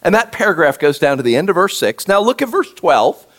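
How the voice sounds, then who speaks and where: Man, pastor, conversational sermon, high voice, very lively pitch, addresses the congregation directly. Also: brisk. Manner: animated, talks directly to the congregation. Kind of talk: conversational sermon with scripture reading.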